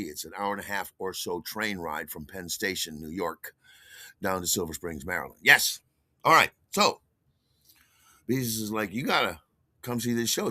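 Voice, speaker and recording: A man in his sixties, a podcast host, telling a personal story in an animated way and acting out the dialogue. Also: lowish voice, no echo, clean studio sound. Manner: animated, acts out dialogue with shouted outbursts.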